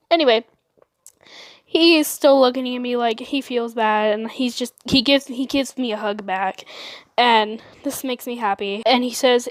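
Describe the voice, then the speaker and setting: A young woman telling a storytime vlog in a giggly, excitable way. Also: a little high, moderate pace, no echo. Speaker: vlogger.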